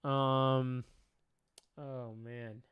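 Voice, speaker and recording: A man's voice: mid-range voice, level tone, drawn-out words, fairly bright tone, clear, resonant tone, no room sound. A young man doing casual reaction commentary, talking emotionally, often sighing, swearing and trailing off. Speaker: commentary streamer.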